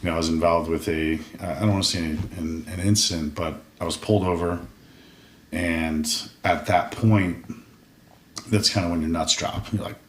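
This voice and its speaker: A man's voice: deep voice, fairly even intonation, normal speed, fairly bright tone, a little hiss or hum. A man guest on a podcast, telling a rambling, profane story with many restarts in a casual interview. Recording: roomy echo, distant mic.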